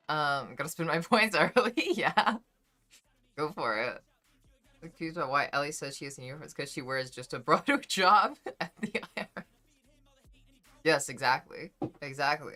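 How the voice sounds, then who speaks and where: A young woman streaming from home, talking loosely with her chat in a bright, forward voice. She sounds emotional, close to tears, and swears freely. Soft music plays faintly behind her. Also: extremely low pitch. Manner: chatty, swears freely, reads chat aloud. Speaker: livestreamer. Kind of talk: casual chat with stream viewers.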